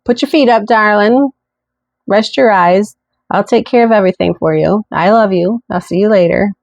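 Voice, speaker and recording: A woman's voice: mid-range voice, moderate pace, gravelly, a little mellow, no room sound, lo-fi sound. A woman voicing an older husband who talks in a pleading, fawning way.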